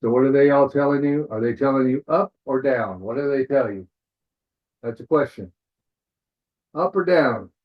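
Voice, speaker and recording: A man's voice: medium pitch, moderate pace, pauses often. Man teaching trades over tinny webinar audio. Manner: casual, repeats "all right" often, thinks aloud. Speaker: forex trading instructor. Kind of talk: live webinar chart walkthrough.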